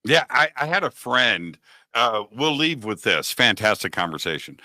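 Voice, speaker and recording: A man in his sixties hosting a talk show, telling a story in a lively conversational way and acting out the people he quotes. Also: mid-range voice, moderate pace, no echo. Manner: animated, acts out quoted dialogue. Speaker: radio show host.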